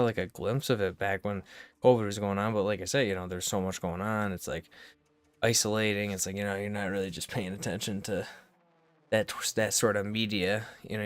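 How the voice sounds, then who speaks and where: Low-voiced profane streamer ranting. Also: male voice, clear, resonant tone, dry recording. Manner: profane, rambling, animated. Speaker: gaming streamer. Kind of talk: casual streaming rant.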